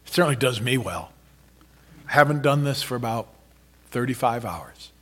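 A man's voice: mid-range voice, lively intonation, moderate pace, fairly bright tone, pitched below the performer's own voice. A man voicing an ashamed young male thief who pleads in a choked, raised voice. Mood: grim.

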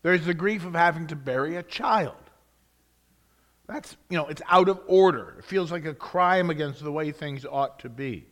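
Dramatic preacher man, loud then hushed. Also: a little high, normal speed. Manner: dramatic shifts between loud emphasis and hushed whispers; reads scripture with rising emphasis on each "and". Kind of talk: sermon.

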